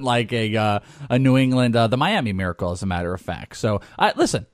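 A man's voice: mid-range voice, lively intonation, a little fast, few pauses, no room sound. Guy on a sports podcast, teasing his buddy, voice bouncing all over, dry close mic. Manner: teasing, laughs a lot, swears freely. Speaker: podcast co-host. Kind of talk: casual sports podcast chat.

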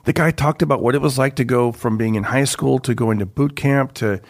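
A man's voice: mid-range voice, a little fast, no room sound. Rambling man guest, dry sound. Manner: rambling, restarts mid-sentence while explaining. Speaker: podcast guest and comedian. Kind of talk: casual chat.

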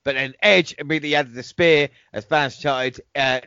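A man's voice: fairly high pitch, normal speed, pushed and bright, clean tone, no room sound, highs cut off. A man hosting a podcast, reading out match results and reacting with laughs and swearing. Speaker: podcast host. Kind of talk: casual wrestling recap chat.

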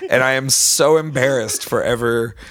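A man's voice: mid-range voice, moderate pace, a bit bright, dry recording, studio quality. A man guest on a podcast, telling a story in casual chat with lots of fillers and restarts. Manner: rambling storyteller, many fillers.

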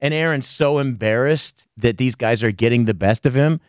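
A man's voice: mid-range voice, moderate pace, clear, resonant tone, no echo, clean studio sound. A man hosting a podcast, telling a story animatedly with lots of swearing in casual chat. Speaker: podcast host.

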